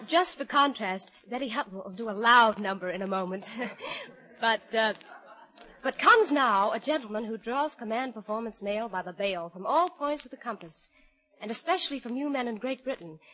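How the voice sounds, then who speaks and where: A woman's voice: a little high, expressive, a little fast, pushed and bright, rough recording. A woman as mistress of ceremonies on a 1940s radio variety show, breezy and chatty. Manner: breezy, chatty address to troops.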